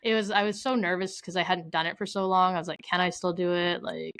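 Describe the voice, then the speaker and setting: Chatty woman with a lowish, dry voice. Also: steady tone, quick pace, creaky, fairly bright tone, no echo, low-quality recording. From Canada. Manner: chatty storyteller, heavy use of "like". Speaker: podcast guest. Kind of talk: casual interview chat.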